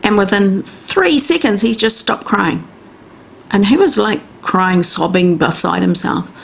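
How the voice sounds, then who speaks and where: A middle-aged woman with a New Zealand accent, hosting a radio health and wellness talk and gently coaching listeners step by step in a chatty way. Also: medium pitch, expressive, a little slow, vocal fry, breathy edge. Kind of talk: casual instructional radio talk.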